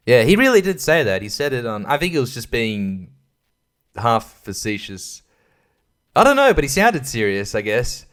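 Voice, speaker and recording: A man's voice: mid-range voice, very animated, normal speed, fairly bright tone. An Australian man rants on his own podcast in an ordinary mid-range voice. He curses freely and wanders from point to point. He stumbles over words and restarts sentences as he goes. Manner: profane, rambling, stumbling restarts. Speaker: podcast host. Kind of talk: casual solo rant.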